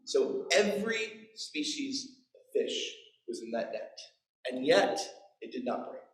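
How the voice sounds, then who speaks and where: A man's voice: on the high side, sing-song, unhurried, roomy sound, rough recording. A man in his forties preaching a sermon, telling the story with playful asides and acted-out quotes. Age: 40s. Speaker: pastor. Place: church.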